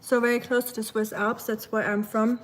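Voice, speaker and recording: Woman, German accent, somewhat high voice, casual chatty live streamer at home. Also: level tone, moderate pace. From Germany, Black Forest. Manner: chatty, many fillers and asides. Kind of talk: casual live-stream chat, answering viewers. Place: home kitchen.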